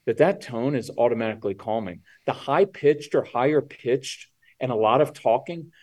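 A man with a medium-pitched voice and a moderate pace joins a podcast as a parenting coach. Casual and animated, he plays out the words of children and parents.

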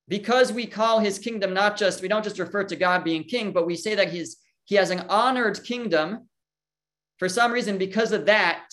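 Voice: mid-range voice, fairly bright tone. A teacher giving an explanatory Torah lesson, thinking aloud, posing questions and answering them, and translating the Hebrew terms woven into the talk.

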